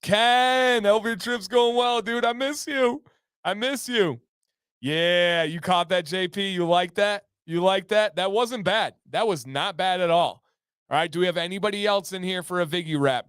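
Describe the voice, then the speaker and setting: A man hosting a casual livestream, reading viewer comments in an upbeat, excitable way with sudden loud whoops. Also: high-pitched, clean tone, no room sound, studio quality. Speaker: livestream host.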